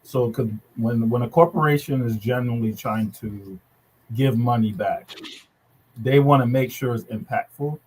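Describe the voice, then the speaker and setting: A man's voice: mid-range voice, normal speed, slight background noise, low-quality recording. A man speaking as a podcast guest in a casual chat, making dry joking asides.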